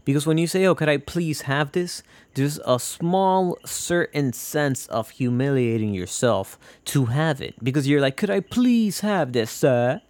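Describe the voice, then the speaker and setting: A man's voice: medium pitch, unhurried, a little mellow, no room sound. A man hosting a casual solo podcast, rambling from tangent to tangent, swearing and joking. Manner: rambling, profane, jokey. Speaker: podcast host.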